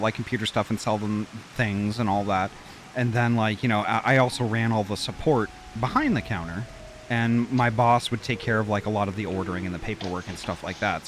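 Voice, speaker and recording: Speaking on the low side over a little hiss or hum, a man streams a game and chats casually, rambling with lots of fillers and restarts.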